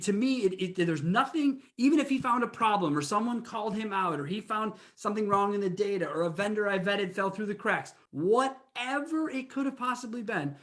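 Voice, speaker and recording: A man's voice: high voice, a bit bright. A man hosting a podcast, talking reflectively and asking long questions. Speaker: podcast host. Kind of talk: interview conversation.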